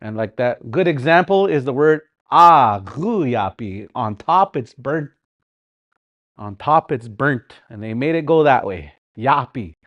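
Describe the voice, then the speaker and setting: A middle-aged man leads a language class, speaking slowly with a lively, rising-and-falling pitch. He repeats each word several times and breaks into chanted song lines and laughter. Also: no echo, dull audio. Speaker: language teacher.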